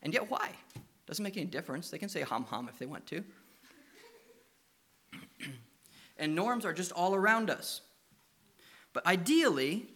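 A man preaching a sermon. He tells lively stories and coaxes the children with questions. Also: fairly high pitch. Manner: lively anecdotal storytelling, coaxing questions to children.

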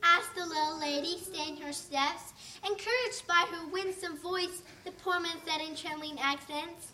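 A woman narrating a storybook in an expressive, lilting reading. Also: very high-pitched, a little slow. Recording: distant mic, faint hiss.

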